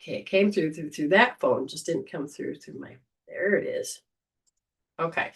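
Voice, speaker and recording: Chatty woman psychic, low voice, distant mic. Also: normal speed, creaky, slightly rough. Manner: chatty, rambling, warm storytelling. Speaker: psychic reader and livestream host. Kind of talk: casual livestream chat.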